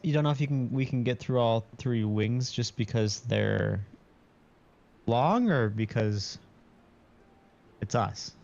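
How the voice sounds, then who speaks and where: A man's voice: mid-range voice, takes it slowly, vocal fry, long pauses, a little mellow. A man streaming a game with his co-host, talking in a dry, laid-back way. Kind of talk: casual gaming chat. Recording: dull, muffled stream audio.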